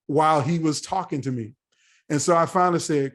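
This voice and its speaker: A man's voice: a little high, brisk. A middle-aged man from the United States telling a story as a podcast guest, acting out the voices of the people he quotes. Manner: animated, acts out quoted voices. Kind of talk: storytelling in a casual interview.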